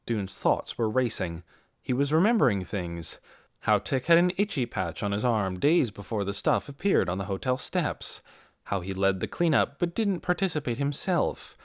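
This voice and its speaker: A man reading an audiobook in a measured way, giving key phrases slow, deliberate emphasis. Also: fairly low pitch, very animated, no echo, clean studio sound. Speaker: audiobook narrator. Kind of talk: scripted narration.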